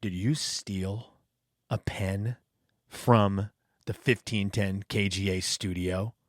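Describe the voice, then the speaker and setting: A man imitating an intimidating older male co-worker, speaking slowly and threateningly. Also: fairly even intonation, dry recording, studio quality. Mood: menacing. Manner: slow, low, threatening.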